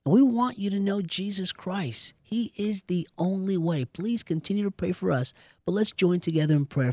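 A man preaches and leads prayer with fervent insistence. His voice sits slightly high, and it is recorded dry and close with no room sound. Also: normal speed, darkish tone, no room sound. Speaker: host.

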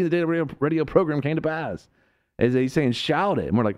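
A man's voice: a little high, fast talker, a little mellow. A man hosting a Christian talk radio show, speaking in a preacherly way that rises to emphatic peaks.

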